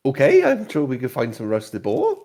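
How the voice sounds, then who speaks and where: A man's voice: medium pitch, wildly swooping pitch, normal speed, background noise, voice pushed up. A man voicing a working-class female tavern keeper, chirpy and eager to please.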